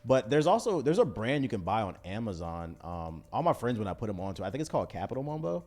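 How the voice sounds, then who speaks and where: A man from Washington, D.C. co-hosting a livestream, telling stories in casual chat with slang. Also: on the low side. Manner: fast, animated storytelling with slang. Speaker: co-host.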